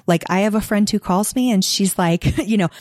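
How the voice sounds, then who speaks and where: As a guest on a podcast interview, a professional organizer speaks earnestly and at length in a mid-range, somewhat dark voice at a moderate pace, sometimes acting out the voices she quotes. The studio sound is clean, with no echo.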